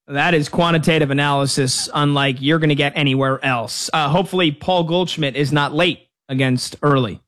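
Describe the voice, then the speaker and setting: A man hosting a casual sports show with upbeat, quick patter. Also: a little high, a bit bright.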